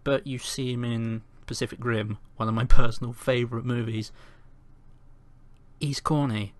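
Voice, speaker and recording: A man's voice: mid-range voice, steady tone, moderate pace. A man hosting a casual podcast chat, opinionated and emphatic as he talks. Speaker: podcast host.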